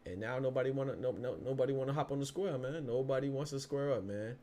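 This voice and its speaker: A man's voice: medium pitch, quick pace, few pauses, dark tone. A man hosting a boxing podcast in casual, slangy livestream talk, speaking to viewers in chat.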